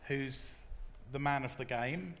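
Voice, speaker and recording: A man's voice: mid-range voice, slow, a bit bright, slight background noise. A man on a live podcast panel, talking in a rambling, self-deprecating way. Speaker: podcast panelist and script writer. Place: stage at a live convention. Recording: echoey hall at a live event.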